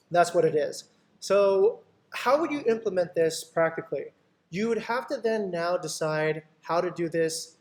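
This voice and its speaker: A man, a company boss, coaching his sales team in an online meeting, acting out client talks and often checking in with "right?". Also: a little high. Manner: lively, acts out client dialogues, keeps asking "right?".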